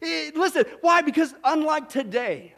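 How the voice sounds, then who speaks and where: A man delivers a sermon with a strikingly high-pitched voice. He preaches in an animated style, breaking into laughter and mocking asides. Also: moderate pace, creaky. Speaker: pastor.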